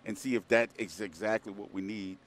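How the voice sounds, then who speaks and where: A man's voice: on the low side, brisk, a little hiss or hum. A man co-hosting a sports radio show, rambling casually, repeating words and leaning on fillers. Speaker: co-host.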